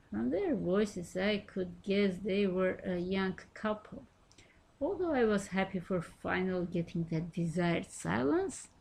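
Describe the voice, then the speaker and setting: A woman's voice: medium pitch, vocal fry, a little mellow, breathy edge. A woman reading her own first-person memoir aloud, telling it in a wry, self-mocking way.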